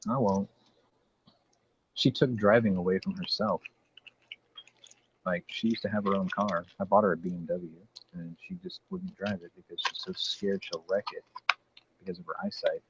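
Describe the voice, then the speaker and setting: A man's voice: sits low, fairly even intonation, normal speed, pauses often. A man hosting a casual podcast chat, a rambling storyteller who swears freely. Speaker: podcast host. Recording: dull lo-fi audio with faint noise.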